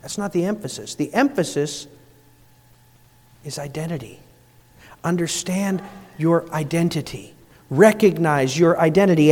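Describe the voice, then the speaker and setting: Male pastor, high voice, sermon delivery with soft lows and emphatic climbs, long hall reverb. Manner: swings between soft, low passages and rising, emphatic appeals.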